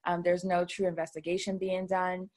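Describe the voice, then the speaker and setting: Interview guest, woman with a lowish voice, relaxed storytelling, lots of fillers. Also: moderate pace. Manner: chatty, telling her story with many fillers. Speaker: credit repair business owner, guest. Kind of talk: casual interview talk.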